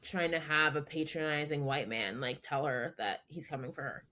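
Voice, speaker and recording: Casting note: woman co-host, somewhat low voice, conversational and opinionated. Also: steady tone, normal speed, bright, forceful tone. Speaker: podcast co-host. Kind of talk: casual chat.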